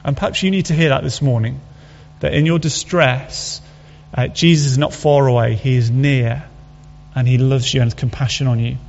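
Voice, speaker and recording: Delivering an earnest, conversational sermon, a pastor poses rhetorical questions to his congregation in a medium-pitched, somewhat mellow voice with vocal fry, fairly even intonation, and a moderate pace. The sound is dull, carrying long hall reverb and slight background noise.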